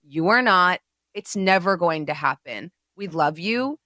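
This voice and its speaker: A woman co-hosting a podcast who talks in a candid, profane and animated way, acting out scenes as she goes. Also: lowish voice, measured pace, no echo, clean studio sound. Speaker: podcast co-host. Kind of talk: casual chat.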